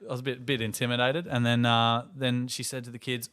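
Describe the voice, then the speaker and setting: A man's voice: medium pitch, brisk, hardly any pauses. An Australian man in his thirties, hosting a casual podcast and telling funny stories, acting out the voices of the people in them. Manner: animated storyteller, acts out voices. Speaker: podcast host. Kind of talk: casual chat.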